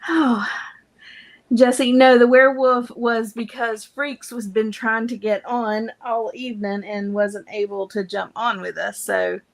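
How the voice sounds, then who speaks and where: A woman's voice: a little high, flat delivery, measured pace, gravelly. A woman hosting a casual live stream, laughing often and chatting with guests. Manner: laughs often, reads messages aloud. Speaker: stream host.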